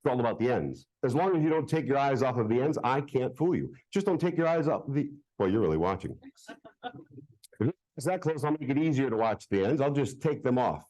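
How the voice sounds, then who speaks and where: A man's voice: mid-range voice, expressive, fairly quick, darkish tone, poor audio. A man performing a live magic show for children at a public library, joking playfully with the crowd.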